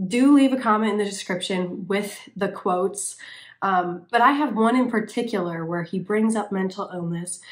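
A woman hosting her own video channel, talking to viewers in an earnest, conversational way with the odd "um". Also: medium pitch. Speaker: YouTube channel host. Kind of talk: casual commentary to camera.

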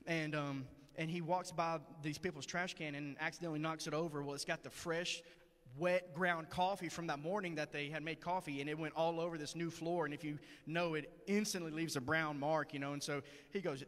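A man's voice: fairly high pitch, moderate pace, a bit bright. A man preaching a sermon in church, telling a story in a conversational, earnest way. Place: church sanctuary. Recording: long hall reverb.

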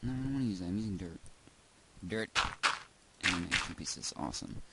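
A deep, gravelly, expressive voice delivers brisk, casual let's-play commentary as a young gaming host rambles goofily to himself at home. Heavy background hiss is audible.

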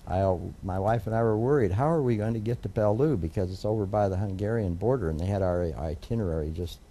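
An older man with a deep, very dark and mellow voice tells a story slowly, circling back with fillers and restarts as he goes. A faint hiss sits under the recording. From United States. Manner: rambling, warm storytelling with many fillers and restarts. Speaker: federal judge, interviewee. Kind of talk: oral history interview storytelling.

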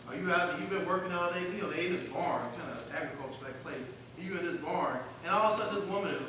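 High bright-voiced preacher, echoey church. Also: male voice, fast talker, hardly any pauses, background noise. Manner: asks the congregation questions and answers them himself. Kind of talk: sermon. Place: church sanctuary. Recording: echoey church hall, distant mic.

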